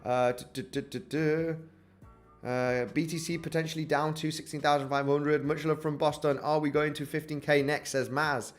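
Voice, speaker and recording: A man's voice: on the high side, flat delivery, a little fast, few pauses, soft background music. A man hosting a casual crypto trading livestream, upbeat and hyped, greeting chat viewers and filling with "you know" and "guys". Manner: upbeat, hypes the chart, greets chat viewers by name, says "guys" a lot; filler-heavy, many "you know" and restarts.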